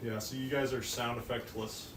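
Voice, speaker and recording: A teenage boy rambles through a baking live stream, mocking himself and swearing offhand. His mid-pitched voice sits back from the mic in an echoey kitchen with clear noise behind it. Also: little pitch movement, normal speed. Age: teens. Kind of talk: casual live-stream chat while baking. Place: home kitchen. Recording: echoey room, distant mic, noisy.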